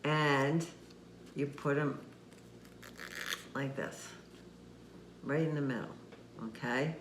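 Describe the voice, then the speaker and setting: Gentle man leading a kids' craft. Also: mid-range voice, slow pace. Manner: gentle, patient, speaks directly to children. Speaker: children's ministry teacher. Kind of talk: craft demonstration for kids. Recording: echoey room with faint noise.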